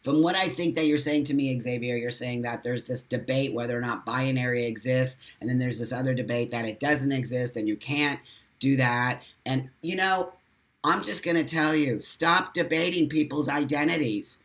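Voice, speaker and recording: A middle-aged man of ordinary pitch hosts a casual live morning chat, answering viewer comments as they come in. He is blunt and emphatic, swears freely and laughs easily. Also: moderate pace, fairly bright tone. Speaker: host.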